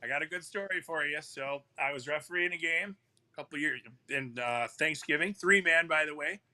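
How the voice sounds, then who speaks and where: Bright-voiced man telling referee stories. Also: on the high side, fairly quick. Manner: rambling, full of "you know" fillers and restarts. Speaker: hockey referee. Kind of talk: casual storytelling on a live talk show.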